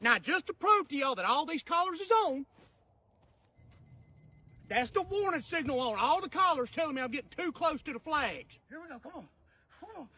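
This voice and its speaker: A man's voice: very high voice, lively intonation, normal speed, sharp tone. A man speaking in a folksy, chatty way in a comedic vlog.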